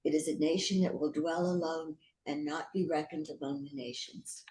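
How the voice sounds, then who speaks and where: A class participant reading scripture aloud softly and slowly. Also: medium pitch, fairly even intonation, low-quality recording.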